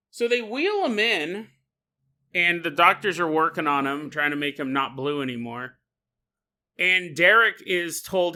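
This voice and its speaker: Laughing frequently, a man hosting a podcast tells a story as a jokey monologue. His voice is high and very bright, with a sharp edge to it.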